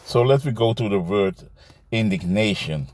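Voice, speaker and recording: A man teaching scripture in a loose, conversational way, reading verses slowly and commenting, often adding "man" and "you see". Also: fairly low pitch, expressive, a little mellow. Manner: reads verses aloud slowly, then comments.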